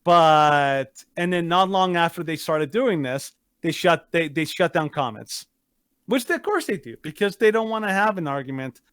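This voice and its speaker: A man's voice: a little high, lively intonation, moderate pace, a bit bright, clean tone, no room sound, clean studio sound. A man co-hosting a podcast, talking casually and emphatically, often searching for his words. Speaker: podcast co-host. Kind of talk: casual opinionated chat.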